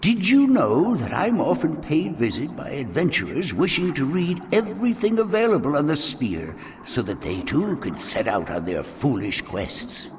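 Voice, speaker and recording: A man's voice: a little high, big pitch swings, moderate pace, few pauses, slight background noise. A man voicing a fussy, easily startled older male librarian with a prim, chatty, slightly pompous manner in a video game.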